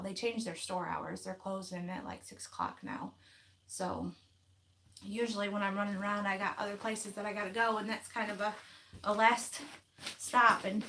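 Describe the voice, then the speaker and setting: A woman's voice: medium pitch, gravelly, fairly bright tone, a little hiss or hum. Chatty woman on a live stream. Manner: chatty and folksy, laughs often. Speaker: craft vlogger hosting a live chat. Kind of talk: casual live-stream chat, reading viewer comments.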